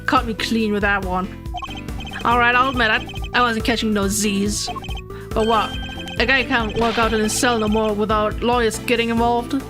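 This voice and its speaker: A woman's voice: a little high, little pitch movement, normal speed, lightly acted. A woman voicing a streetwise male boxer suspect who talks in defensive tough-guy slang, over game music. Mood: cocky.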